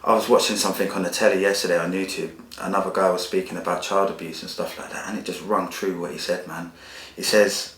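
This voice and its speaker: A man's voice: low voice, steady tone, fast, few pauses, a bit bright. A man, telling his life story as a podcast guest in a blunt, emotional way with street slang. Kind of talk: candid personal storytelling. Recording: echoey room.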